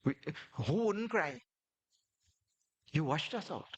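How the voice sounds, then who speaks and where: A man's voice: lively intonation, slow, husky, heavily acted, rough recording. A man putting on a chorus of weeping dust specks. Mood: wailing reproach. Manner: plaintive, reproachful, lifted pitch. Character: crowd of weeping dust specks at the Lord's feet.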